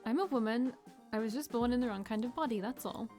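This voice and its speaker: A woman voicing the calm, confident woman who runs a speakeasy and looks after her staff. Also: on the high side, quick pace, faint music behind, natural voice. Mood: assured. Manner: calm, in charge.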